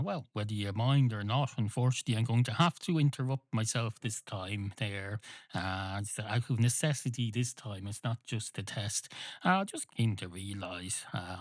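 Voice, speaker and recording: A man hosting a comedy podcast, rambling in a deadpan way, swearing and interrupting himself. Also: fairly low pitch, dry recording. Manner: profane, self-interrupting, deadpan. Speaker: podcast host.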